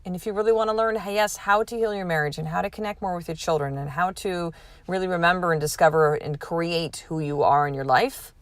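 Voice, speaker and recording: Swearing, animated woman podcast host. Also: on the low side, brisk, dry recording, low-quality recording. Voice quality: swears freely, animated storytelling. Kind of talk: casual solo podcast monologue.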